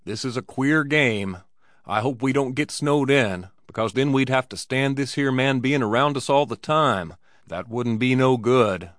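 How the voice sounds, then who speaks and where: A man voicing a rough frontier cowboy who speaks in a deliberate, scornful drawl. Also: medium pitch, a bit bright, no room sound, studio quality, voice pushed up, natural voice. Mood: grumbling.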